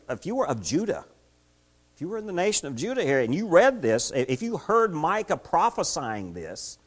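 Male preacher, middle-aged, animated pitch, conversational sermon, rhetorical questions. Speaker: pastor. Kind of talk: midweek sermon. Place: church service.

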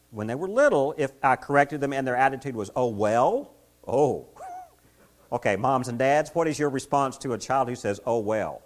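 A middle-aged man preaching a midweek church sermon in a conversational way, often asking the congregation rhetorical questions. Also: medium pitch. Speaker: pastor. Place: church service.

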